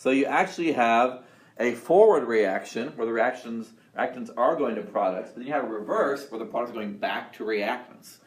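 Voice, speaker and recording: A man's voice: mid-range voice, normal speed. A man teaching a college chemistry class, upbeat and quizzing his students, with frequent restarts. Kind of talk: classroom lecture. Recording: roomy classroom sound, faint noise.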